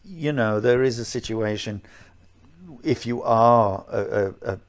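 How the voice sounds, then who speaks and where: A man's voice: medium pitch, unhurried. A man co-hosting a podcast about martial arts, talking in an emphatic, repetitive way in casual chat. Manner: emphatic, repeats himself.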